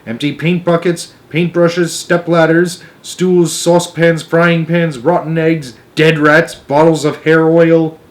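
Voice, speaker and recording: Guy reading a kids book out loud, expressive, kinda higher voice. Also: takes it slowly, hardly any pauses. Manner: expressive, varied pacing. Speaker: storyteller. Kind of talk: children's book read-aloud.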